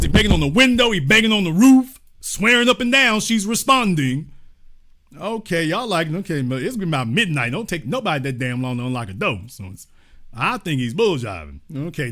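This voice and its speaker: A man's voice: on the high side, lively intonation, normal speed, bright, forceful tone. A man hosting a live-streamed commentary show, joking with his chat and acting out little scenes in slangy casual talk.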